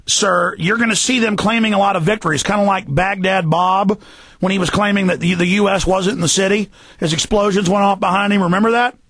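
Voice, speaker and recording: A man hosting a talk radio show, ranting emphatically and sometimes rising to a shout. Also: high-pitched, fairly even intonation, a little fast, no room sound. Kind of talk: heated talk radio rant.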